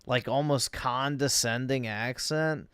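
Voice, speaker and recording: A man's voice: medium pitch, takes it slowly, a bit bright, smooth, no echo, studio quality. A man streaming, giving blunt, profane reaction commentary.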